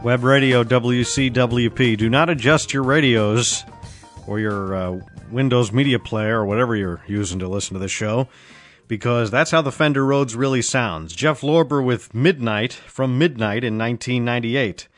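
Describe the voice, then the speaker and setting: A man hosting a smooth jazz web radio show, chatting casually between tracks with self-deprecating asides. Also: medium pitch, moderate pace, faint music behind. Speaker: radio DJ host.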